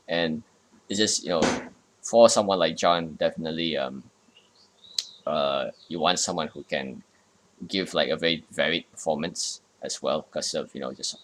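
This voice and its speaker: A man hosting a casual livestream, talking haltingly with many fillers and restarts. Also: low voice, fairly bright tone, slight background noise. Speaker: stream host and project lead.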